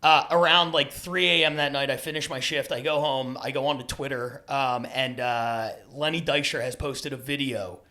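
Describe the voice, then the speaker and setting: A man, a comedian on a podcast as a guest, telling a story in a casual, animated way and laughing as he goes. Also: medium pitch, moderate pace, hardly any pauses.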